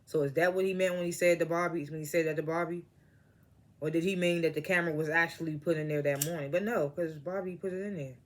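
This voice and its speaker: A man's voice: a little high, fairly even intonation, fast talker. A man casually recapping a TV episode, laughing often and acting out the characters' lines, and he says he is stoned. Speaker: TV episode reviewer.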